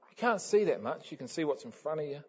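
A man preaching a sermon, telling a story with lively energy and laughter, building up to loud exclamations. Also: fairly high pitch, fast, slightly rough. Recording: dull lo-fi sound.

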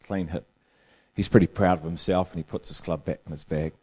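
A man's voice: sits low, fairly even intonation, fairly quick, a little mellow, slightly rough. A man preaching a humorous sermon, telling a long joke as a storyteller who chuckles through his own punchlines.

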